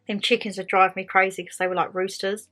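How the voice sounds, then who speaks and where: A woman's voice: medium pitch, fast. A woman hosting a casual chat video, ranting animatedly and acting out what people say. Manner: animated storyteller, acts out quotes, laughs often. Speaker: vlog host. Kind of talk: casual chatty rant. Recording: faint music underneath.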